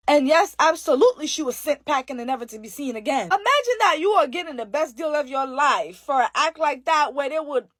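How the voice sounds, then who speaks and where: A woman from Haiti telling spooky stories in a sassy, profane, animated way. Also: high-pitched, a little fast, hardly any pauses, dry recording. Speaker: storyteller. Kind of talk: casual spooky storytelling.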